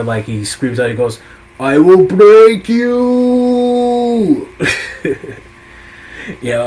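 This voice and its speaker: A man's voice: fairly low pitch, slight background noise, poor audio. Rambling man with casual chat. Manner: rambling, lots of fillers, chuckles often. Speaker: host. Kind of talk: casual ranking chat about comics.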